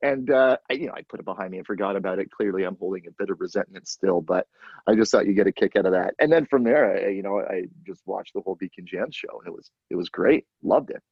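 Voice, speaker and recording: Husky lo-fi podcast host, a man. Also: deep voice, quick pace, no echo. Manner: animated storyteller, excitable. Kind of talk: casual podcast chat. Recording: dull, lo-fi dry sound.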